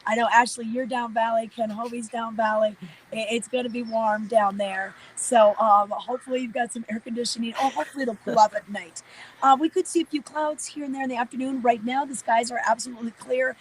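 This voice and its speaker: A woman's voice: fairly high pitch, steady tone, fairly quick, slight background noise, rough recording. An upbeat, chatty woman reporting live from outdoors for a local morning show, with frequent filler "uh"s. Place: outdoors at a park.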